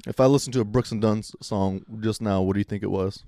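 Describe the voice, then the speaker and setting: A man's voice: on the low side, fast talker, mellow, no room sound, studio quality. A man co-hosting a casual podcast chat, laid-back and drawling, with many hesitations. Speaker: podcast co-host.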